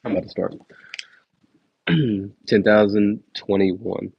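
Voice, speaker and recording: A man's voice: fairly low pitch, fairly even intonation, slow, creaky, breathy edge. A young man on a casual livestream counting numbers aloud, laid-back and slangy, chatting to viewers between numbers. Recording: dull lo-fi dry stream audio.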